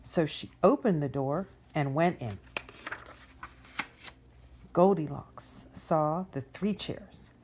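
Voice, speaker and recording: A woman reading a children's story aloud as storyteller in an expressive way. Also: low-pitched, slow pace, pauses often, slight background noise.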